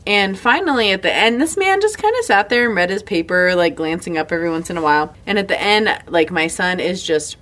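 Frank, laughing woman, a little low. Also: animated, a little fast, hardly any pauses, fairly bright tone. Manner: candid, swears freely, laughs often. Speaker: podcast co-host. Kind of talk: casual chat.

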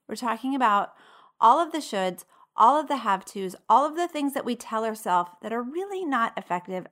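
A woman hosting a casual solo podcast as a coach, talking in an animated, playful way and acting out inner voices. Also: on the high side. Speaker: ADHD coach and podcast host.

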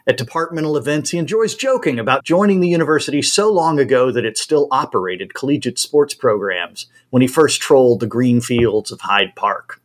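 A man reading a story aloud at a brisk, expressive pace. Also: mid-range voice. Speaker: reader.

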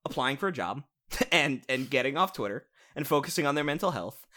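A man's voice: mid-range voice, animated, brisk, pushed and bright. A young man co-hosting a podcast, ranting sarcastically about cartoons with lots of swearing. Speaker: podcast co-host reviewing cartoons. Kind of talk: casual comedic rant.

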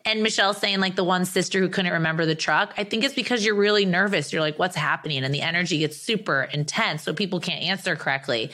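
Bright, low-pitched woman rambling excitedly. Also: fast talker, few pauses. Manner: excited, rambling storytelling full of fillers. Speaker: podcast guest. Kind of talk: casual chat.

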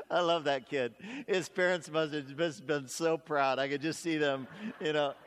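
A man's voice: fairly high pitch, steady tone, moderate pace, a bit bright, clean tone, in a large hall. A man preaching a sermon as pastor, talking in a conversational, folksy way with stories and asides.

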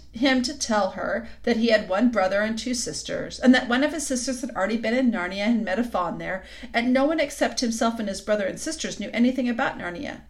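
Brief: female narrator, calm storybook read-aloud, fairly high voice.

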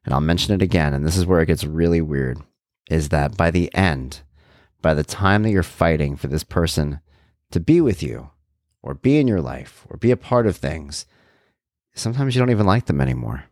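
A man's voice: very deep voice, lively intonation, moderate pace, darkish tone, no echo, studio quality. A middle-aged man speaking earnestly and confidingly to viewers in a reflective personal monologue about his life. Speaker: vlogger sharing life advice.

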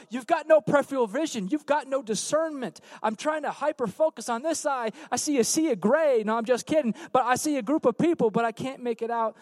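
A man preaching a sermon as pastor on a church stage, swinging from hushed, low passages to loud emphatic calls out to the congregation. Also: dry recording.

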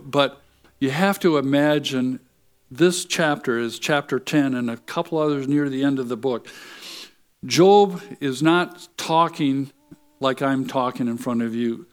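A man's voice: medium pitch, clear, resonant tone. A man preaching a sermon, reading scripture aloud and then explaining it earnestly.

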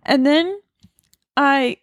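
A woman's voice: high voice, extremely slow, dry recording, clean studio sound. A woman co-hosting a casual podcast from home, rambling along with lots of fillers while lying on the floor. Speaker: podcast co-host.

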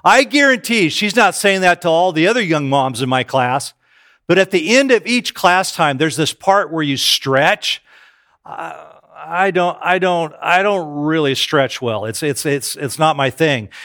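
A man's voice: a little high, animated, unhurried, a bit bright. A middle-aged man preaching a sermon, telling self-deprecating stories to his congregation. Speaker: pastor.

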